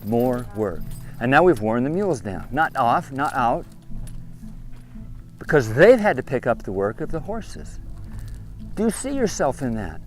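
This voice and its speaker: A man's voice: mid-range voice, big pitch swings, a little slow, long pauses. Stern man, lecturing a group outdoors, repeats questions, faint music behind. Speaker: trip leader addressing a group of kids.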